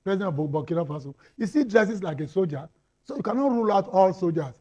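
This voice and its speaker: Impassioned Nigerian man, high husky voice. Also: expressive, fast talker, dark tone, lo-fi sound. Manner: impassioned, rhetorical questions, repeats for emphasis. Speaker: panel guest. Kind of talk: heated panel debate.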